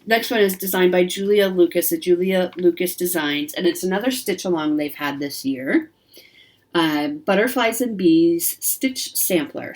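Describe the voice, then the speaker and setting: A woman with a slightly low voice talks through a magazine page by page. She rambles, full of fillers and eager asides, in a relaxed, casual chat. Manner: chatty, rambling, enthusiastic, many fillers. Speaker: craft channel host.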